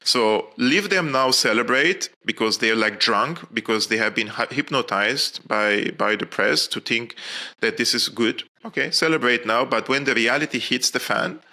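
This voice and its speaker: A man from Syria, a guest in a casual interview, talking in an animated, rambling way. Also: medium pitch, normal speed. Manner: animated, rambling, laughs at own points. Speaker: guest commentator.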